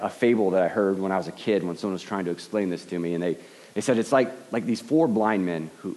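Guy preaching a sermon, lowish voice, kinda earnest, trips over his words a lot, big reverby hall. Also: a little mellow. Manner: earnest, repeats words often when starting a phrase. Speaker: pastor.

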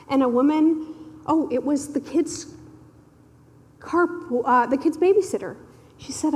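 A woman tells a heartfelt personal story, animated and quick to laugh. Her voice sits high and climbs higher when emotion catches it. The sound rings with the long reverb of a large hall. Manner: animated, laughing often, voice rising and cracking with emotion. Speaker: speaker sharing a personal testimony. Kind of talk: storytelling testimony.

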